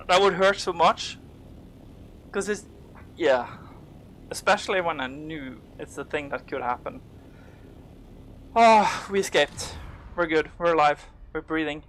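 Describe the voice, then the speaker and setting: A man's voice: fairly high pitch, a bit bright, a little hiss or hum. A man giving live commentary while he plays a game, rambling and full of fillers, swearing when startled. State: panicked, out of breath. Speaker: game streamer.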